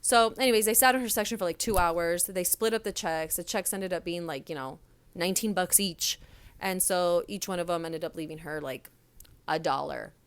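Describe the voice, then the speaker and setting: A woman's voice: fairly low pitch, normal speed, smooth, no echo. A young woman who works in restaurants and once managed one hosts a podcast and talks in a blunt, sassy way. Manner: blunt, sassy storytelling with lively quoted voices. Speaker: podcast host, restaurant server and former manager. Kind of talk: casual solo podcast monologue.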